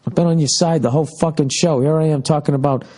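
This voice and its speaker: A man's voice: fairly high pitch, fairly even intonation, fast, mellow. A man hosting his own podcast, telling road stories in a loose, profane, rambling monologue. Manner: profane, rambling storytelling with mocking impressions. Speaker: podcast host. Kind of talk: casual monologue.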